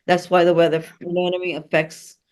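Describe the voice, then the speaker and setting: A lower-pitched woman talks over a video call in an animated, emphatic and playful way. She speaks as a spiritual healer and host in a casual heartfelt chat. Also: quick pace.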